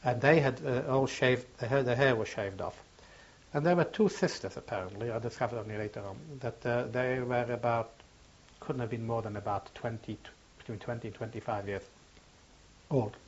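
Older man, interviewee, halting and searching for words; average pitch, dull lo-fi recording. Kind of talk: oral history testimony.

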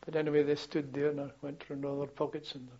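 An older man telling wartime memories as a former policeman, in a halting, rambling way full of restarts and chuckles. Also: a little high, completely flat delivery, dark tone, breathy edge, dull audio. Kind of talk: oral history storytelling.

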